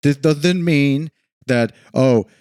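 A man co-hosting a casual political podcast, exasperated and halting, restarting his sentences often. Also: a little high, darkish tone, smooth, no room sound, studio quality. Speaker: podcast co-host.

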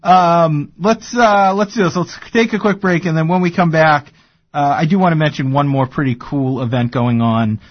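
A man with a Boston accent hosts a casual radio chat, rambling through announcements with fillers and a laugh. His voice sits a little high. The studio sound is dry and dull, like a lo-fi broadcast. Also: moderate pace, dry recording. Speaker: radio show host.

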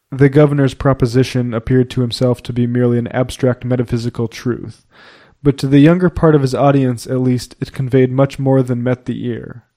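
A man reading a classic novel aloud in a measured, even storytelling manner, giving the dialogue light voicing. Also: mid-range voice. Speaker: audiobook narrator.

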